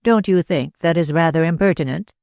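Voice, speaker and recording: A man voicing a puzzled, touchy young gentleman who asks clipped, wary questions. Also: fairly high pitch, fairly quick, creaky, no room sound, studio quality.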